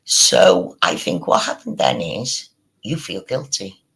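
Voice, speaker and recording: A man delivers a sweary, mocking commentary in a slow, unhurried way. His voice is husky and gravelly, yet sharp and bright at the front. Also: low voice, sing-song, low-quality recording. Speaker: streamer. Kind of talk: ranting commentary.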